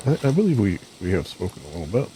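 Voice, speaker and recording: A man's voice: sits low, rapid-fire, noisy background. A man streaming a building game, talking casually and rambling with easy laughs. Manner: relaxed, rambling, laughs easily. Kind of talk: casual commentary while building.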